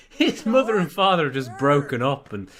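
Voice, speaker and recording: A man's voice: a little high, a bit bright. A man commenting on a video game he is playing, sarcastic and prone to laughing and swearing. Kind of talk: let's play commentary.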